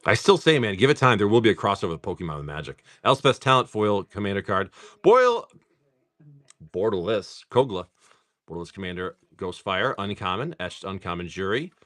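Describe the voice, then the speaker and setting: A man hosting a live stream, rambling casually, swearing freely, and reading off card names in quick lists. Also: fairly low pitch, very animated, a bit bright, no echo. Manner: rambling, swears freely, laughs often at chat. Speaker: live-stream host opening card packs.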